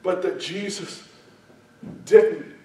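A man preaching a sermon, speaking emphatically and building to loud, passionate peaks. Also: sits high, extremely slow. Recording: very echoey room, voice far from the mic.

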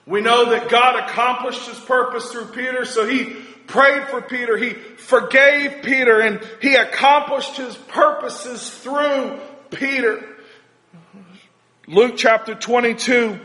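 A man preaching a sermon with passion, driving points home through repeated phrases and shouted emphasis. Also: very high voice, steady tone, slow. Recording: echoey hall with long reverb.

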